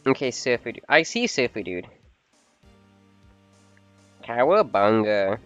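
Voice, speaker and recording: A man gives casual, joking, self-mocking commentary while streaming a game. His voice is smooth and his pace slow, and the dry, slightly dull audio has faint music under it. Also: mid-range voice, animated, dry recording.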